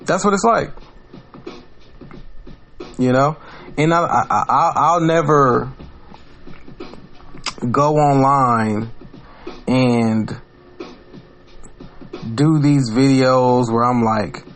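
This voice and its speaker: A man's voice: mid-range voice, takes it slowly, long pauses, soft background music. Blunt, profane man musing aloud. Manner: blunt, profane, rambling with restarts. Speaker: podcast host. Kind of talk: casual monologue.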